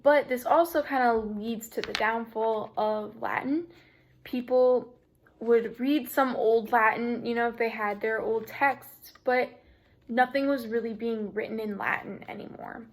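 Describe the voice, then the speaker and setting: A young woman talks through a class presentation in a loose, chatty way, dropping "you know" and "like" at every turn. Her voice sits a little high and slides into a gravelly fry at the ends of phrases. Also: fairly even intonation, a little slow, slight background noise. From United States. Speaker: student presenter.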